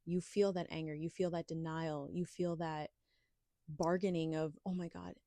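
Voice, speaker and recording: A woman with a low, mellow voice shares a personal story on her podcast. She talks candidly and with emphasis, and the sound is close and dry. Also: flat delivery, a little slow, dry recording. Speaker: podcast host.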